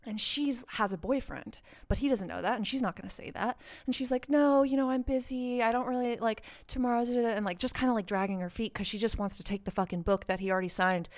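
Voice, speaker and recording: A young woman telling a story in casual chat, animated and swearing, with lots of "like". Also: medium pitch, fast talker, few pauses. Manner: animated, swearing, heavy use of "like". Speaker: podcast co-host.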